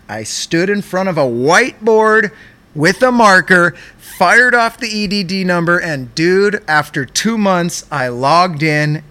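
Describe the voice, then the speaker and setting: A young man tells a story on his podcast with a high, bright voice. He is excitable and animated and swears casually. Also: no room sound. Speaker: podcast host.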